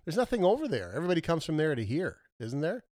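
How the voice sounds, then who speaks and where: A man co-hosting a casual podcast, animated and quick to laugh. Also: on the high side, dry recording, studio quality. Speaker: podcast co-host. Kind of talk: casual chat.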